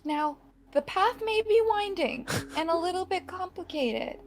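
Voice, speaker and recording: A woman voicing a sincere, sweet fairy who speaks softly and earnestly. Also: sits high, sing-song, unhurried, voice pushed up.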